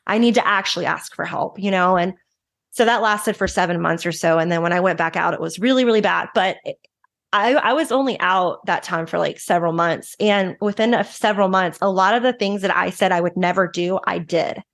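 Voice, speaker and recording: A woman in her thirties, a recovery advocate, telling her story frankly and emotionally in quick bursts with restarts. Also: lowish voice, vocal fry, a bit bright. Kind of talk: candid personal storytelling.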